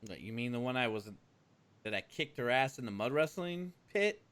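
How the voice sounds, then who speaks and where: A man's voice: mid-range voice, animated, normal speed, fairly bright tone, clean tone. A man playing a tabletop role-play game, talking in a casual, profane way. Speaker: player.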